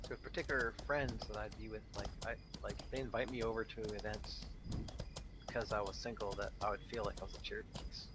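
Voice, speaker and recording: A man's voice: on the low side, fairly even intonation, fast, background noise. A man hosting a gaming channel, ranting casually and bluntly with plenty of swearing. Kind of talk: casual rant while gaming.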